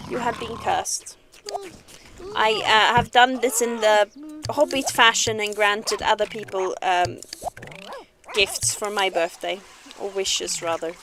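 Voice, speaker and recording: A woman's voice: mid-range voice, fairly even intonation, unhurried, noisy background. A woman chatting casually while streaming a game, giggling often and playful. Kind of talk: casual gaming stream chat.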